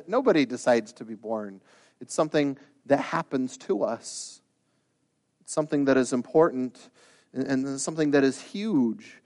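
A man's voice: medium pitch, darkish tone. A man preaching a sermon as pastor. He talks in an earnest, conversational way, then builds to emphatic, rising bursts. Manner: conversational asides with restarts.

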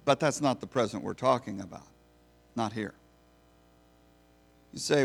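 A man's voice: medium pitch, expressive, measured pace, creaky, long pauses, fairly bright tone. A man preaching a sermon to a congregation in a folksy, storytelling manner. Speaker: pastor.

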